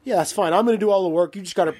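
A man's voice: high-pitched, very fast, darkish tone. A man co-hosting a podcast in brash, sweary, playful casual banter. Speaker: podcast co-host.

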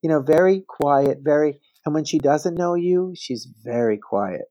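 Animated storytelling man in his fifties. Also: on the high side, a little slow, no room sound. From New Jersey. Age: 50s. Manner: animated, gossipy anecdotes with playful asides. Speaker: celebrity stylist, podcast guest. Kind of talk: casual interview storytelling.

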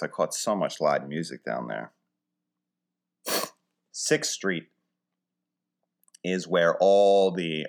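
A man from Philadelphia hosts a casual comic monologue in a low voice. He rambles along with wry, dry humor and mock-grand phrasing.

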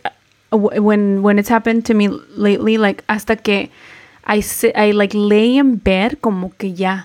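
A woman in her thirties co-hosting a podcast, talking in a halting, reflective way and switching between English and Spanish. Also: mid-range voice, gravelly, darkish tone. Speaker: podcast co-host. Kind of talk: casual chat.

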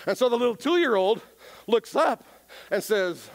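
A man preaching a sermon in an animated way, often questioning the congregation. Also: very high voice, measured pace, creaky. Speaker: pastor.

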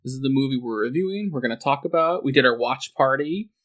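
A man's voice: mid-range voice, expressive, fast talker, fairly bright tone. A man hosting a podcast in casual, rambling chat, laughing often. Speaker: podcast host.

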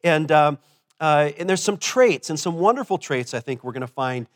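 A man's voice: a little high, lively intonation, normal speed. A man preaching a Father's Day sermon in church, in a folksy way, telling joke stories with frequent fillers and restarts. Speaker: pastor.

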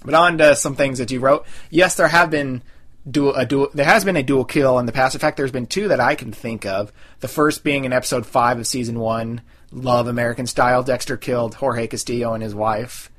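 A man's voice: medium pitch, a bit bright. A young man with a Californian accent hosting a podcast in a casual, rambling way. He reads a listener's email and then answers it, often correcting himself as he goes. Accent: General Californian. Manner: chatty, rambling, self-correcting. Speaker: podcast host.

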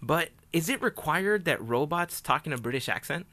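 A man's voice: on the high side, lively intonation, normal speed, pushed and bright, no room sound. A man co-hosting a casual chat show, talkative with frequent fillers and laughs. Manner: chatty, laughs often, many fillers. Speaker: podcast co-host.

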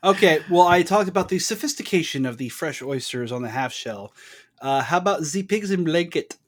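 A man's voice: fairly high pitch, animated, fairly quick. A man co-hosting a podcast, chatting in an easygoing way and telling stories with little laughs. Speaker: podcast co-host. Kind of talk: casual chat.

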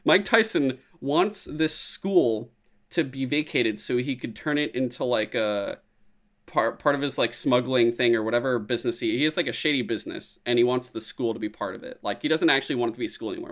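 Fairly quick and mid-range in pitch, this man chats casually on a podcast, recapping movies with lots of energy. He's animated and profane, performing quotes in silly voices.

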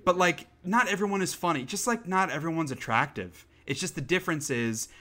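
A male podcast host with a voice on the high side chats casually in a bright, forceful tone. Sarcastic and opinionated, he swears freely and talks in a loose, chatty way full of quick restarts.

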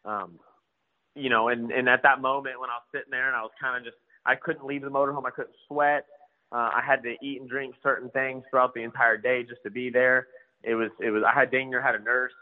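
A man's voice: medium pitch, flat delivery, brisk, phone-quality sound. A man, a motocross rider and trainer telling a story in a casual, slangy way. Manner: laid-back, slangy, acts out quoted dialogue.

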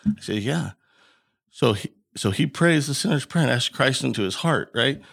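Podcast guest, middle-aged man from Colorado, gravelly and bright, animated storyteller. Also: mid-range voice, normal speed. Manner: animated storyteller acting out quoted dialogue. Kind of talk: storytelling in an interview.

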